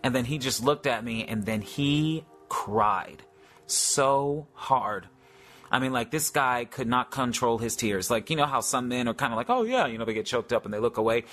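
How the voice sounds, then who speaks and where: A man's voice: medium pitch, moderate pace, fairly bright tone. A man telling a faith story in a casual, rambling way, full of fillers and restarts. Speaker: Christian speaker.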